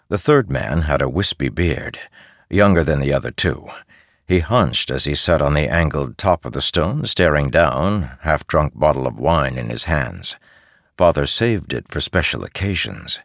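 A man narrating a story as an audiobook in an expressive reading style. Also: very deep voice, a little slow, dry recording, clean studio sound.

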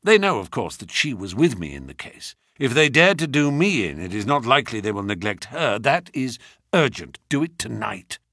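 A battered detective lies injured, speaking in a low, hoarse, near-whispered mutter, as a man puts him on in an audiobook reading. The voice is husky and quiet, yet still moves around in pitch as he gives orders. The recording is dry, with no room sound. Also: big pitch swings, normal speed, no echo, exaggerated voice. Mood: quietly commanding. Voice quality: hoarse weak whisper-like murmur. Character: injured male detective, weak, hushed, scheming.

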